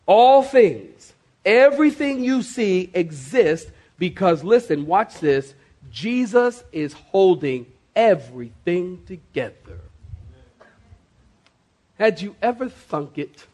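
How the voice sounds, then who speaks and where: A male pastor, preaching a sermon to his congregation with emphatic, slowly stressed words. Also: high-pitched, very animated, a little mellow. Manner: emphatic, dramatic slow stresses, addresses the congregation. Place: church before a congregation.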